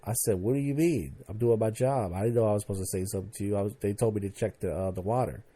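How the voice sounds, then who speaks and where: A young podcast host rants casually and profanely about his old job in a monologue, acting out his former coworkers. His voice is fairly low and dark, with a steady tone, and he talks rapid-fire.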